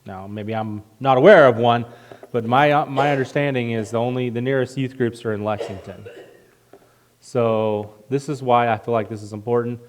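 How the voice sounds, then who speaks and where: Male pastor, mid pitch, loose joking delivery full of ums, church announcements. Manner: relaxed, joking, halting with many fillers. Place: church sanctuary.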